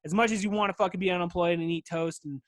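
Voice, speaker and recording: High-voiced rambling podcast host man. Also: fairly even intonation, fast, no room sound. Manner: rambling, swears often, says "dude" constantly. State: voice wearing out. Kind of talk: casual solo podcast chat.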